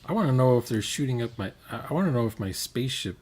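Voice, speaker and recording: Husky, stammering man. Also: mid-range voice, animated, quick pace, a little mellow. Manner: stammering, hesitant. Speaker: player. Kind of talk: casual tabletop role-play.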